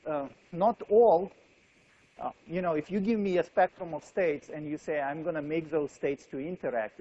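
A man's voice: fairly high pitch, a little mellow, muffled recording, slight background noise. A man giving a university physics lecture, thinking aloud with frequent fillers and restarts.

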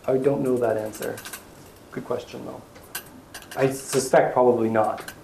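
A man's voice: mid-range voice, fairly even intonation, measured pace, vocal fry, mellow, a little hiss or hum. A young man giving an academic lecture with slides, talking with many fillers and restarts.

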